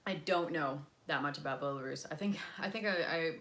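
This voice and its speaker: A woman's voice: low voice, moderate pace, a bit bright, slight background noise. A young woman from the United States chatting casually with her live viewers, rambling with lots of fillers and wandering off topic. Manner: rambling, many fillers, drifts between topics and languages. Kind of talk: casual chat.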